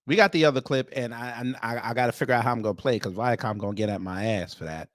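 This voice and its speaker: A man hosts a casual reaction commentary, speaking to viewers as family and restarting his sentences with stammers. His voice sits at a middle pitch, and the sound is dry and close. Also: fast talker, dry recording. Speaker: commentary show host.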